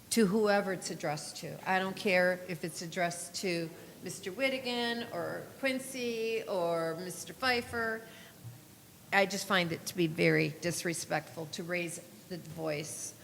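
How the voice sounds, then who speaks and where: Brief: female council member, low gravelly voice, measured delivery, recorded in a reverberant meeting chamber. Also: fairly bright tone. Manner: measured, hesitant, with restarts. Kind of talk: formal meeting remarks. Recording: reverberant council chamber, faint room noise.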